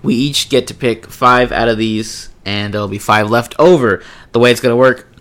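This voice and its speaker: Loose, laughing young podcast host. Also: male voice, mid-range voice, normal speed, fairly bright tone. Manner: swears freely and laughs while retelling pranks. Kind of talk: casual podcast chat.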